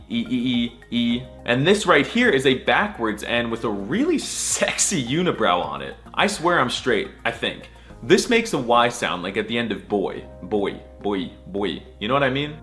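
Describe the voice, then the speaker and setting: A man's voice: medium pitch, a bit bright. A young man giving comic scripted narration in a mock-serious, crude style, breaking into silly repeated sounds. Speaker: comedic video narrator.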